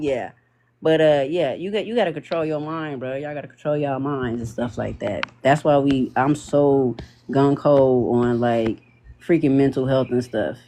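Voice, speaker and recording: A young man speaking in a casual livestream monologue, animated and slangy, laughing often as he talks. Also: fairly high pitch, moderate pace. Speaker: TikTok live host.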